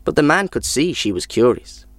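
A man reading a folk tale aloud in a measured, expressive storytelling manner. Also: medium pitch, no echo.

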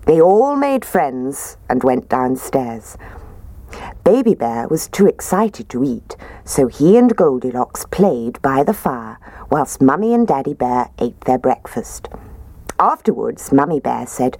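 Woman, low voice, lively expressive storybook reading, dry close recording. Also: slow pace, no room sound. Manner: gentle and expressive. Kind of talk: storybook read-aloud.

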